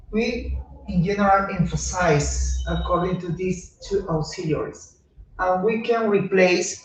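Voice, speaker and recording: A man teaching an English grammar lesson, speaking slowly and repeating words with frequent "okay"s. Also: sits high. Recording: echoey distant lo-fi room recording.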